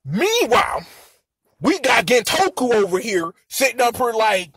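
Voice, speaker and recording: A young man reviewing a show episode in an animated, slangy rant, acting out the characters as he goes. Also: extremely high pitch, a little slow, slightly rough, no room sound. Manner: animated, slangy, acts out characters in quoted voices. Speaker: anime and tokusatsu episode reviewer.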